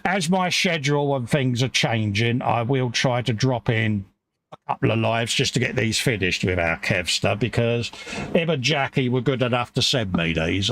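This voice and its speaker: A man's voice: mid-range voice, fairly bright tone, slight background noise. A British man hosting a casual livestream from his home hobby workshop, joking and reading out viewer comments. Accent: British English. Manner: jokey, chummy, reads viewer comments aloud. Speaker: livestream host. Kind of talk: casual chat.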